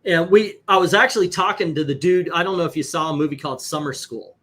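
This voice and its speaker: A man hosting a stream, telling profane, animated anecdotes in casual chat. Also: on the high side, quick pace. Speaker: host. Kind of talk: casual storytelling on a live stream.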